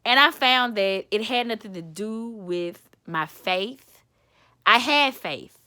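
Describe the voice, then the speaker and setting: Woman motivator, vlog storyteller: bright tone, lively swooping pitch, candid and chatty. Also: slow pace. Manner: candid, chatty, calls listener honey and baby. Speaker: self-described motivator.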